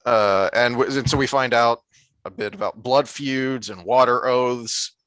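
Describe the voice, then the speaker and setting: A man's voice: medium pitch, expressive, a little slow, fairly bright tone, no room sound. A man co-hosting a casual book discussion podcast, thoughtful and full of fillers and restarts, sometimes reading passages aloud. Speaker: podcast co-host.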